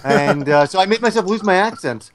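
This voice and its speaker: A man's voice: high-pitched, lively intonation, a little fast, a crowd in the background. A middle-aged man, born in Yorkshire but living in Canada, chatting casually and laughing often as a podcast co-host. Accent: none, mostly North American after moving to Canada. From Yorkshire, England.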